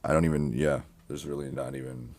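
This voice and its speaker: A man's voice: very deep voice, steady tone, fairly quick, a little mellow. A man hosting a podcast, talking in a meandering casual monologue full of restarts and swearing. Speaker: podcast host.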